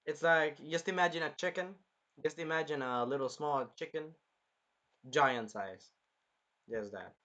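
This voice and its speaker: Guy rambling about an episode, kinda high voice, loose and sweary. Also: a little slow, pauses often, dull audio. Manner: rambling and animated, swears freely. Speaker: anime review host. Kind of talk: casual chat.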